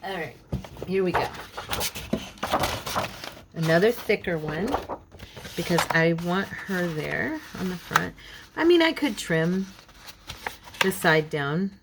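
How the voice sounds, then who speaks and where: A woman hosts a relaxed crafting tutorial from her home craft table, chatting along and talking to herself as she works. Her voice sits a little low and has a gravelly fry, with a frog in her throat that keeps her clearing it. A faint hiss sits under the recording. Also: takes it slowly, pauses often. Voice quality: chatty, talks to herself while working. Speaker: craft channel host. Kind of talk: casual crafting tutorial chat.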